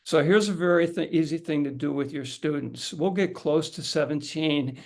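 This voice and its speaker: Gravelly-voiced middle-aged male teacher. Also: a little high, moderate pace. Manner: conversational, repeats words and restarts, demonstrates aloud. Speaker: haiku teacher leading a workshop. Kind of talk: casual instructional talk to an audience.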